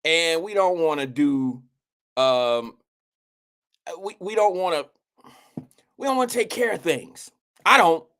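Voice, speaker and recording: A man's voice: a little high, expressive, takes it slowly, pauses often, fairly bright tone. A middle-aged man hosting a live show, rambling candidly in casual chat and talking straight to his viewers by name. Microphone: live-stream microphone.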